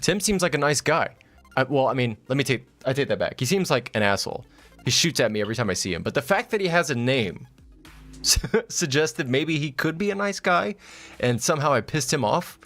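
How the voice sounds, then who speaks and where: A man's voice: medium pitch, animated, a little fast, fairly bright tone, soft background music. A man with a slight Southern US accent streaming a game, rambling casually, laughing often and swearing freely. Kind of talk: casual live-stream commentary.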